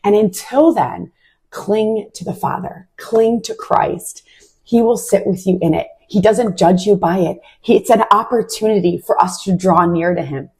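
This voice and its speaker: A woman's voice: medium pitch, unhurried, a little mellow, breathy edge. A young adult woman sharing a heartfelt personal faith testimony in a casual way, with many "like" fillers. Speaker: Christian podcast host.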